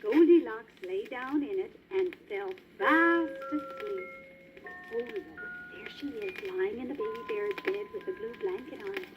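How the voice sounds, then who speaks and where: A woman's voice: on the high side, animated, normal speed, few pauses. Sing-song woman reading a storybook. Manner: gentle, sing-song, talking to children. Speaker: storybook narrator. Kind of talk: read-along storybook narration. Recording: muffled old vinyl record with music.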